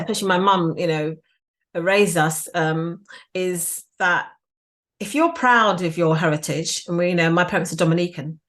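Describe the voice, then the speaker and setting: A middle-aged British woman speaks as an interview guest, with a voice sitting a little low. She talks in an animated, stop-start way, full of restarts and "you know". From United Kingdom. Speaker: guest, PR agency founder. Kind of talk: casual interview chat.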